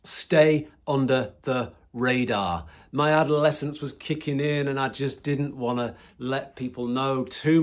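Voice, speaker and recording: Man, medium voice, teaching on faith through his own story; candid, reflective, bursts of emphasis. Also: medium pitch. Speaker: Christian teacher. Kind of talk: personal devotional talk.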